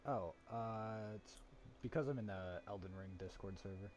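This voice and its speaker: A man's voice: fairly low pitch, moderate pace, noisy background. A man joking dryly with his tabletop group before the game. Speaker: player.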